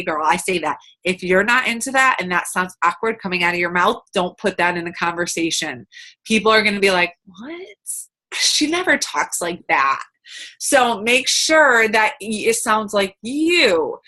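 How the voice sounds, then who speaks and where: Over a video call, a woman coaching her team keeps things chatty and upbeat, filling her talk with fillers and quoted asides. She speaks with a medium-pitched, sharp-toned voice.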